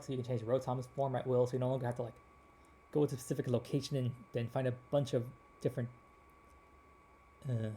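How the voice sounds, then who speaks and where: Dark-voiced man rambling about games. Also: mid-range voice, a little hiss or hum. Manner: rambling, with frequent restarts and fillers. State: slightly hoarse. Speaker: gaming channel host. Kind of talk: casual gameplay rambling.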